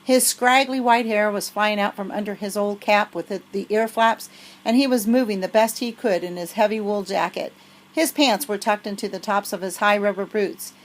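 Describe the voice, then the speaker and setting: A woman's voice: mid-range voice, steady tone, moderate pace, rough recording. Woman reading a children's novel aloud. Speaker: storybook reader.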